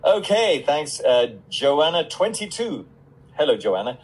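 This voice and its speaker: A man's voice: medium pitch, expressive, a little slow, a little mellow, breathy edge, low-quality recording. A middle-aged man on a casual live stream, reading out fan questions and answering them in a chatty way with many fillers.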